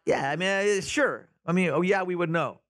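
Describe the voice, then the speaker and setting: Animated man preaching a sermon. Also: high voice, moderate pace. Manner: animated storytelling, acting out Bible characters. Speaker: pastor. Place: church sanctuary.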